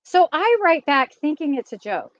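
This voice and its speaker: A woman's voice: high-pitched, sing-song, normal speed, no echo, muffled recording. A middle-aged woman hosting a vlog, chatting casually and laughing often as she tells a story. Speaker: vlogger host.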